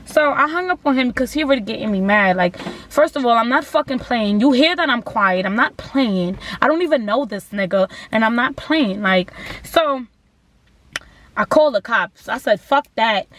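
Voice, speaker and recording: A young woman vlogger telling a story casually, animated and full of slang and swearing, with lots of "like" fillers. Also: fairly high pitch, moderate pace, slight background noise. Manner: animated, slang-heavy and profane, repeats "like".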